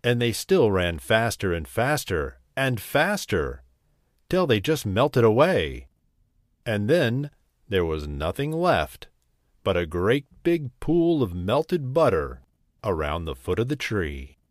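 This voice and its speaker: A man reading a children's story aloud in a slow, lively, sing-song manner. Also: lowish voice, no echo, studio quality.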